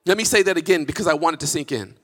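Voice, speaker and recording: A male pastor preaching a sermon in a church, impassioned and emphatic, building to near-shouts. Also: fairly high pitch, very fast. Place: church sanctuary. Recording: reverberant church hall.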